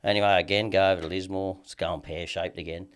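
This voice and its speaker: A man's voice: low voice, fairly even intonation, fast. An Australian man telling a long story in casual chat as a podcast guest, swearing heavily and rambling with lots of "you know what I mean".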